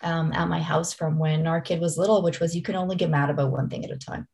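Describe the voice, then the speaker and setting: A middle-aged woman chatting casually, telling animated stories and acting out what people said. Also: low voice, fast, gravelly. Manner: animated storyteller, acts out voices. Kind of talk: casual chat.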